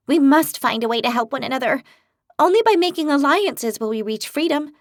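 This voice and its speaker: An eager young female dragon rider, pitched noticeably high and pressing her point with urgency, as a woman narrator puts her on. The recording is dry and close, with no room sound. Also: expressive, fairly quick, no echo. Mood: insistent. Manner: insistent, rallying.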